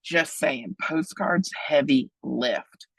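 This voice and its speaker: A woman in her forties giving a lively webinar talk, joking and chatty, with big excited leaps in her voice. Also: slow, husky, no room sound, low-quality recording. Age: 40s. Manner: playful, joking, chatty asides; big excited pitch jumps. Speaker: webinar presenter on donor relations.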